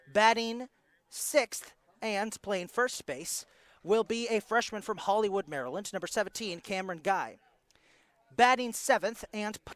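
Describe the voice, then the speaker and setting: A man calling a live college softball broadcast as play-by-play announcer, reading out the lineups in a steady announcer delivery and quickly correcting his own slips. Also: high-pitched, dry recording.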